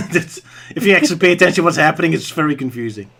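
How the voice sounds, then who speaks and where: A man co-hosting a casual podcast chat, relaxed and trailing off into quieter asides. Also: fairly high pitch, fast, creaky. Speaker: podcast co-host.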